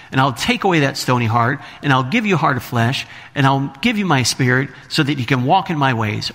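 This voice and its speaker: A man's voice: mid-range voice, fairly bright tone. A man preaching a sermon to his congregation, reading scripture aloud and asking the listeners questions. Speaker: pastor. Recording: long hall reverb.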